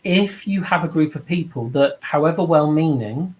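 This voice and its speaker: A man's voice: fairly high pitch, animated, normal speed, darkish tone. Man teaching over a video call. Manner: conversational, repeats himself, acts out quoted voices. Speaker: trance mediumship teacher. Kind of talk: teaching with personal anecdotes.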